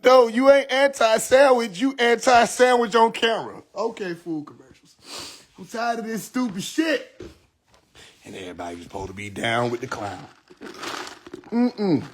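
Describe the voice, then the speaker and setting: A man holds a phone live stream and rants in a loud, mocking, profane way. His voice sits high and jumps all over, and he keeps breaking into shouts and cackles. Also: animated, moderate pace, a little hiss or hum. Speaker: livestream host. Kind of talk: comedic rant on a live stream.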